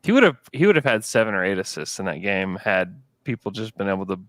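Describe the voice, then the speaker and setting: A man's voice: fairly low pitch, very animated, fast talker, fairly bright tone, no room sound, clean studio sound. A man co-hosting a casual sports podcast, talking in a rambling, laid-back way with lots of fillers. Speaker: podcast co-host.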